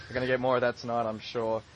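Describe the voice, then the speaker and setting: A man's voice: mid-range voice, little pitch movement, fast. A man hosting a casual football podcast, chatty, laughing easily and asking rambling questions. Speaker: podcast host. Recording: dull lo-fi recording.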